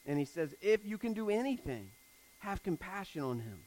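A man preaching a conversational sermon, moving between hushed scripture reading and emphatic retelling. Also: sits high, big pitch swings, moderate pace, low-quality recording. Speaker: pastor.

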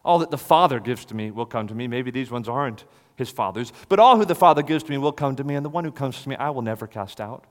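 Male preacher, mid-pitched, dramatic loud-soft delivery, long hall reverb. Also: animated, fast, hardly any pauses. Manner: dramatic swings from loud to hushed. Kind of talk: expository sermon.

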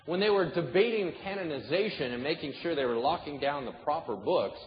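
A man's voice: fairly high pitch, lively intonation, fairly quick. A male pastor preaching a sermon with humor, acting out little dialogues as he speaks. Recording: echoey hall, dull sound, faint noise.

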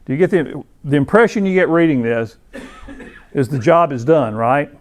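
A man's voice: a little high, moderate pace. A man teaching a Bible class in a conversational lecture, with many restarts, reading passages aloud between his own comments. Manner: reads scripture passages aloud.

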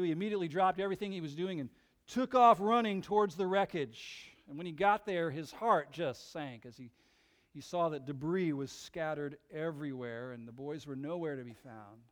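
A man preaching a sermon, telling a story dramatically, dropping to a hush and then rising loud. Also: fairly high pitch.

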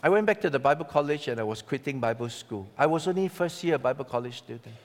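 A man preaching a sermon, telling a personal story with dramatic swings between loud and hushed delivery. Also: medium pitch, lively intonation, quick pace. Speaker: pastor. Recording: long hall reverb.

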